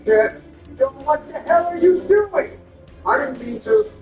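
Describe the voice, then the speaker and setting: A man with a very high, gravelly voice and a darkish tone is very animated but unhurried as he does comedic game commentary, trading crude insults in bickering impressions. The clip sounds roomy, distant and muffled, with music.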